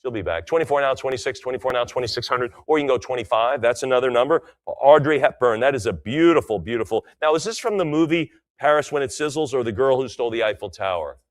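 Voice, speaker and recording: A man's voice: medium pitch, fast, few pauses. A middle-aged man working as an auctioneer, rattling off repeated bid calls at a live auction and dropping in chatty, enthusiastic asides between them.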